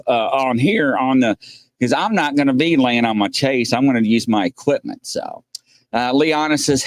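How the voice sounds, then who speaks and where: A man's voice: mid-range voice, dry recording, clean studio sound. A man hosting a casual livestream, rambling and joking as he reads chat comments aloud and greets viewers. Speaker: host.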